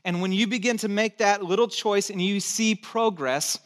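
A man's voice: high voice, normal speed. A middle-aged male pastor preaching a sermon, emphatic and conversational, repeating his key phrases. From born in Texas, raised in California.

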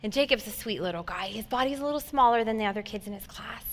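A woman's voice: medium pitch, quick pace. Woman preaching in a reverberant hall. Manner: heartfelt, conversational, swings between loud emphasis and soft near-whispers. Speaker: pastor. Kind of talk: sermon.

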